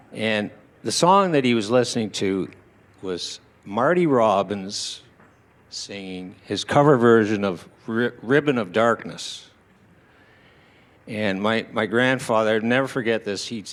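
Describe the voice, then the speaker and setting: Older man telling family stories. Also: on the low side. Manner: animated, acts out shouted quotes of relatives. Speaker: storyteller at a tribute evening. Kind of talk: personal storytelling to an audience. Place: small studio venue, indoors.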